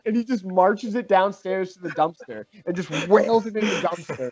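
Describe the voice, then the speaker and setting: A young man casually telling a prank story to friends on a podcast, animated, swearing and acting out what people said. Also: sits high, moderate pace, a crowd in the background. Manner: animated, swearing, acts out quotes. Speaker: podcast host. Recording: slightly dull lo-fi sound.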